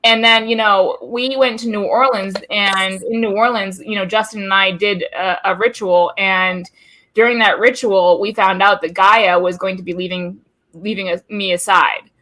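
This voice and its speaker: A woman's voice: mid-range voice, steady tone, moderate pace, sharp tone. A woman co-hosting a casual talk show from her home, telling a personal story candidly, with some swearing. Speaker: co-host of a witchcraft talk show. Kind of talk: casual chat. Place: home room.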